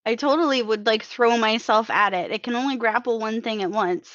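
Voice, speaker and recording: A woman's voice: a little high, brisk, fairly bright tone, no echo, highs cut off. A woman in a tabletop game session, talking hesitantly and stammering in casual chat.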